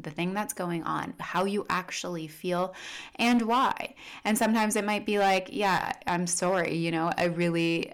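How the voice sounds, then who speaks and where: A woman with a somewhat low voice coaches her listeners in a loose, conversational way. She leans on "like" and "you know" as she works through her points. Her delivery is friendly and unscripted. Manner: chatty, many "like" and "you know" fillers; upbeat sign-off to followers. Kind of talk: casual teaching monologue.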